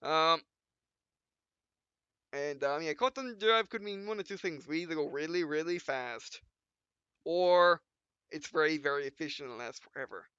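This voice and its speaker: A man's voice: a little high, normal speed, long pauses, pushed and bright, clear, resonant tone, no room sound. A man hosting a let's play, rambling casually and correcting himself as he stumbles over words. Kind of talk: casual gameplay commentary. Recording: dull lo-fi dry recording.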